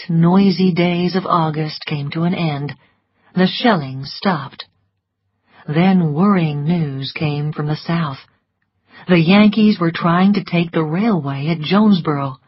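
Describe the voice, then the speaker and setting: A woman calmly narrating an audiobook in a measured storytelling manner. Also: on the low side, slightly rough, no room sound. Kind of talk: scripted narration. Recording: dry, slightly muffled studio audio.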